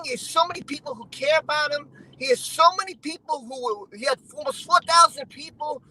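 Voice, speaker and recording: A man's voice: extremely high pitch, fairly quick, few pauses, sharp tone, poor audio. A man talking as a stream guest in a car, heated and emotional, repeating himself as he vents. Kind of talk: casual chat.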